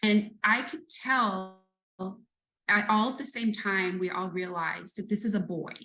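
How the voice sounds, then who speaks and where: A woman's voice: medium pitch, fairly even intonation, measured pace, sharp tone, low-quality recording. A woman in her fifties, a retired police lieutenant, speaking as an interview guest. She tells a story in an earnest, reflective way, building it step by step. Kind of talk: conversational storytelling in a podcast interview.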